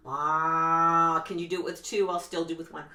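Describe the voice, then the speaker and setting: A woman children's musician with a lowish voice, little pitch movement, and a quick pace leads an interactive sing-along. She's cheerful and teacherly, coaxing the audience to join in, and the recording sounds roomy with a loud guitar.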